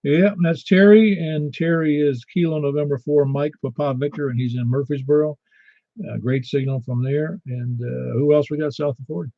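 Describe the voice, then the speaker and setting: A man's voice: on the high side, fairly even intonation, moderate pace, vocal fry, no room sound, dull audio. A man in his sixties from Niagara Falls, New York, hosting a ham radio net in a casual, self-deprecating, storytelling way. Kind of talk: casual on-air radio chat.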